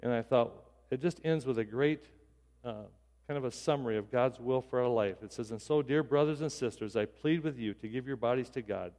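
A man's voice: medium pitch, brisk, a little mellow, big-room sound. A male pastor giving a sermon in a casual, conversational way, often restarting his sentences. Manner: conversational, self-deprecating, with repeated restarts.

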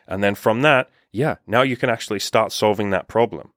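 A man's voice: mid-range voice, fairly quick, few pauses, fairly bright tone, no room sound, studio quality. A young man coaching on dating, talking bluntly with frequent swearing and reading passages aloud from a book. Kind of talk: motivational monologue with book reading.

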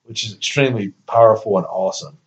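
A man's voice: on the low side, fast talker, dull audio. A man hosting a podcast in casual chat, rambling and enthusiastic, laughing easily. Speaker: podcast host.

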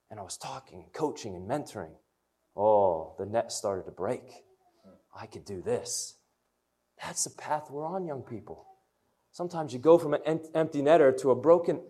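A young man preaching a lively sermon to young people, telling stories and calling on the crowd to answer. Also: medium pitch. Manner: energetic, storytelling, call-and-response. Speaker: youth pastor.

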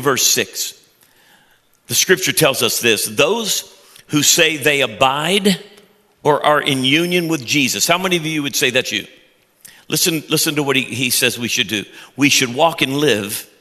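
A middle-aged male pastor gives a sermon with a bright, forceful voice. He preaches with passion, climbing to loud high peaks and then dropping to soft, low stretches, and he often repeats words as he builds. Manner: passionate, with sudden loud rises and soft drops; repeats words when excited.

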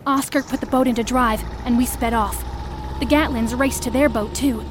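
A woman narrating a first-person audio story, expressive, acting out the shouted lines. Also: on the high side, moderate pace, noisy background.

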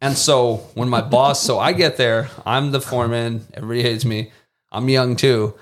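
A man guest on a podcast, telling lively anecdotes in a casual way, mimicking people and swearing now and then. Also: mid-range voice, normal speed. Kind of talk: casual storytelling.

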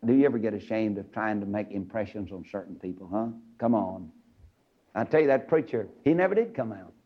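A man preaching a radio sermon in a folksy storytelling manner, dropping to low murmurs and climbing to shouting peaks, on a dull lo-fi radio recording. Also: expressive, fairly quick.

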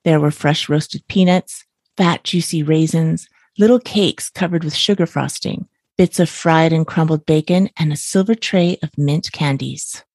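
Reading a bedtime story at a slightly slow pace, a woman with a somewhat low voice sounds calm and steady. She sits near the mic in a dry room with no room sound and no echo.

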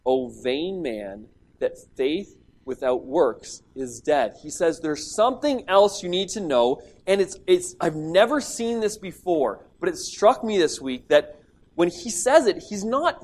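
A man preaching a sermon that teaches on a scripture passage. He speaks emphatically, acts out quoted speech, and often repeats words as he starts a thought. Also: a little high.

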